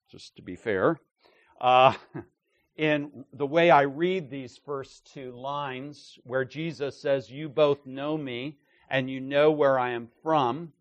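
A man preaching at an unhurried pace in a slightly high voice. He is emphatic, asks his listeners "right?" as he goes, and acts out the lines he quotes. The sound is dry and close. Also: dry recording. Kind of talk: expository sermon.

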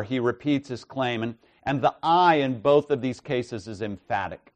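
A man preaching an expository sermon with measured, emphatic delivery, often checking in with "right?" and "okay?". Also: mid-range voice, a little mellow, no echo.

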